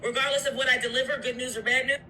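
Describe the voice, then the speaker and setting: A woman with a high, very bright voice tells her story in an animated, blunt way, swearing freely. Faint hiss runs under the clip. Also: racing, poor audio. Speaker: YouTuber telling a story. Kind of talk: animated story-time vlog.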